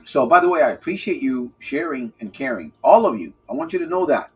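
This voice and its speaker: A man coaching listeners on a live stream, his husky voice swinging widely up and down in pitch. He talks playfully and keeps repeating key phrases to drive them home. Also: wildly swooping pitch, a little fast. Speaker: recovery coach hosting a live podcast. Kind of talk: live-stream talk, answering chat.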